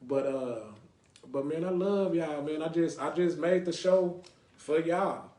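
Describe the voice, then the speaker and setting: A man's voice: on the high side, measured pace, warm tone, echoey room. A man from North Dallas, hosting a casual podcast with call-ins and often saying "you know what I mean". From Lake Highlands, North Dallas, Texas. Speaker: podcast host.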